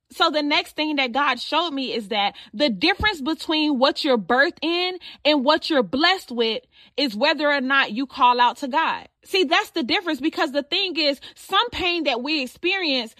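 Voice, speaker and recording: High bright woman preaching earnestly. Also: dry recording. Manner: earnest, preaching with repetition and direct address. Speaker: podcast host and preacher. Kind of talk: devotional sermon.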